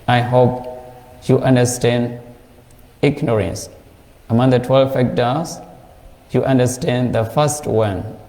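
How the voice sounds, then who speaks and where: A male Buddhist monk with a Burmese accent, teaching a class and explaining points slowly with a lot of repetition. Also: medium pitch, mellow, reverberant, in a large hall. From Myanmar.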